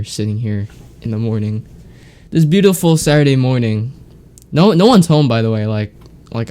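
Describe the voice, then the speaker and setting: Teen male podcast host, congested, rambling, filler-heavy, mid-pitched. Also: mellow, smooth. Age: teens. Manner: rambling, many fillers and restarts. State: congested from a sore throat. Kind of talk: casual solo chat. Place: home, alone.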